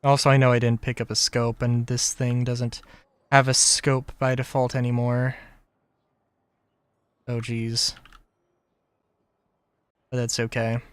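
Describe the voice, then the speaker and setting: A man's voice: mid-range voice, level tone, slow pace, long pauses, clean tone, no room sound. A man streaming a game live, chatting casually in a rambling, self-correcting way. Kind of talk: casual gameplay chat.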